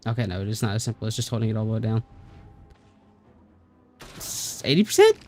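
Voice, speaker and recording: A man's voice: on the low side, sing-song, fairly quick, darkish tone, soft background music. A male streamer giving casual gameplay commentary, sarcastic and muttering, with some swearing.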